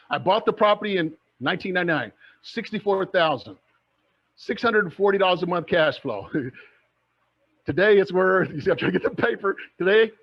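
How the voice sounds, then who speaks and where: A middle-aged man giving an energetic motivational talk on real estate investing, asking his audience rhetorical questions. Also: sits high, highs cut off. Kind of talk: motivational online presentation.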